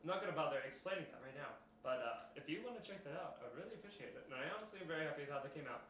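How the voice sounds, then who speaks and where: Young male streamer, bright raised voice, meandering casual chat with fillers, echoey room. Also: on the high side, lively intonation, very fast. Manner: rambling, many fillers and restarts, addressing chat. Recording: roomy echo with faint noise.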